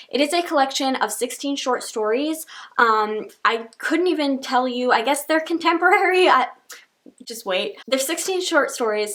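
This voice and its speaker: A woman's voice: a little high, a bit bright. A young woman chatting casually through a book wrap-up, rambling with lots of "like" fillers. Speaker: book reviewer. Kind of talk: casual monthly reading wrap-up.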